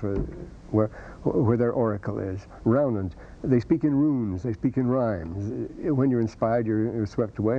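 A man's voice: on the low side, a little hiss or hum. A man lecturing a university class on scripture, wandering off into scholarly asides as he reads and explains passages. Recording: dull lo-fi cassette lecture tape.

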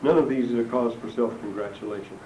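Speaking fast in a mid-range voice, an older man lectures a class on scripture as a religion lecturer. His style is digressive and anecdotal, with dry humor, and the recording is roomy and distant with background noise.

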